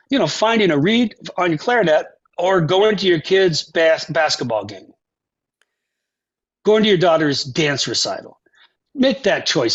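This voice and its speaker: Older male musician guest, slightly high voice, animated storyteller with a dull lo-fi podcast sound. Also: slightly rough. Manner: animated storyteller, acts out quotes and sings phrases. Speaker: composer and saxophonist guest. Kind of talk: conversational interview storytelling.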